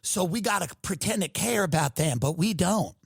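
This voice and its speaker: A man's voice: sits high, animated, normal speed, vocal fry, husky, no room sound, clean studio sound, full character voice. A man voicing a sassy, blunt old male politician with an American Southern accent, talking like a reptile done pretending.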